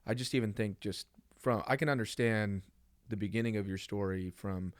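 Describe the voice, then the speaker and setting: A man's voice: on the low side, normal speed, no room sound, clean studio sound. A man hosting a faith podcast interview, reflecting aloud in a thoughtful, searching way before asking his question. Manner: reflective, thinks aloud with fillers. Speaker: podcast host.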